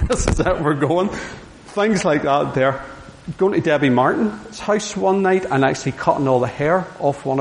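A man's voice: medium pitch, darkish tone. A middle-aged man giving an earnest, anecdotal sermon. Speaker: preacher. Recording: hissy hall with long reverb.

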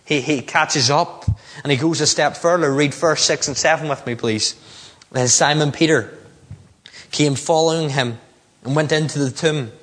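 A man's voice: fairly high pitch, normal speed, a bit bright. A man preaching a sermon, telling stories and acting out the lines he quotes. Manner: storytelling preacher, acts out quotes. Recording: long hall reverb.

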